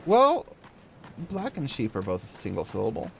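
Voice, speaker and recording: A man's voice: medium pitch, wildly swooping pitch, moderate pace, gravelly, a little hiss or hum. A man hosting a casual game playthrough, rambling and wry, often correcting himself. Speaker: gameplay host. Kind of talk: casual let's play chat.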